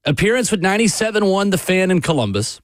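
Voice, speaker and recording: A man hosting a sports talk radio show in a studio, chatty and energetic, laughing easily with his co-host. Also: high voice, quick pace, dry recording. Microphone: studio microphone.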